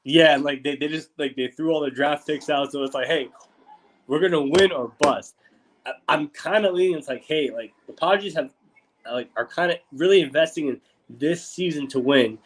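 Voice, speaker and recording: A man's voice: on the high side, moderate pace, low-quality recording. A young man co-hosting a casual sports chat, rambling and loose, with many fillers and swearing. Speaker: co-host.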